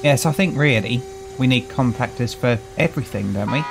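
A British man with a mid-pitched voice talks his way through a game in a relaxed let's-play style. He is chatty and wry, greeting characters as they come and going. A faint hum sits underneath. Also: brisk, creaky. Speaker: gaming channel host. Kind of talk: casual let's-play commentary.

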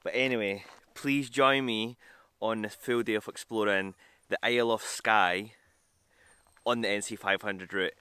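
A man's voice: fairly low pitch, steady tone, unhurried, bright, forceful tone, clean tone, no echo. A man talking casually to camera on a travel vlog, chatty and self-deprecating, on a hiking trail outdoors. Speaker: vlogger.

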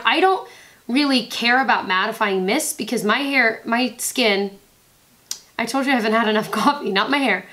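Her pitch fairly high and her tone fairly bright, a woman in her twenties rambles cheerfully through a makeup review on her beauty vlog. Asides constantly break into her own sentences.

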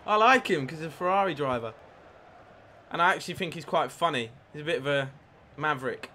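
Man, gaming streamer, excitable live commentary, bright tone, faint background noise. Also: a little high, a little fast. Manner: excitable, swears at the game, reads out followers. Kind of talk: live gameplay commentary with chat.

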